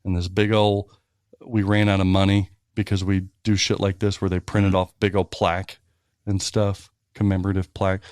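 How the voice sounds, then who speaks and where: A man co-hosting a podcast in casual chat, telling stories in a ranting, profane, animated way. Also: deep voice, moderate pace, dry recording, studio quality. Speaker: podcast co-host.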